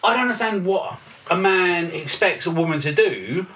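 A man's voice: sits high, expressive, normal speed, bright, forceful tone, far from the mic. A man co-hosting a podcast, telling stories in casual, sweary banter and laughing often. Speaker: podcast co-host.

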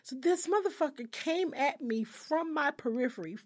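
A woman's voice: high-pitched, expressive, moderate pace. A young adult woman co-hosting a casual chat, telling a story with a lot of profanity and acting out the people she quotes. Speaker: podcast co-host.

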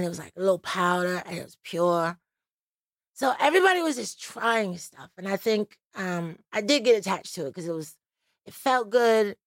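A woman's voice: lowish voice, no echo, clean studio sound. A middle-aged woman talking as a musician guest in an interview, candid and chatty, with many fillers. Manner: chatty, frank, many "like" and "you know" fillers.

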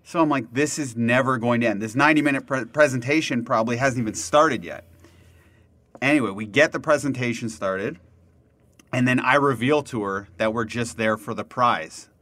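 A young man on a podcast telling a story in casual chat, animated and laughing often, with many fillers. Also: medium pitch, normal speed, no echo.

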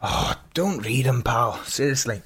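A crude, sarcastic football executive, played by a man, his pitch swinging freely as he fires off swear words and dry put-downs. A lively comedy audio drama voice. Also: unhurried, gravelly, husky, full character voice. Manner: blunt, sarcastic and constantly swearing.

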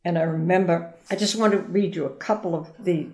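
A woman's voice: fairly low pitch, a little fast, a little mellow. Older woman, interview guest, meandering anecdotal delivery. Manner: rambling, anecdotal storytelling. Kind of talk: reminiscing conversation.

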